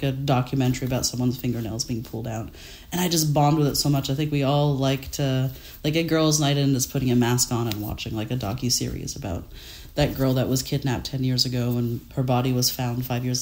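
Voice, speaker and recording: A woman's voice: extremely low pitch, a little mellow. Woman, 30s, from France, casual chat, rambling, laughs a lot. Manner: chatty, rambling, laughs often. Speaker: guest artist.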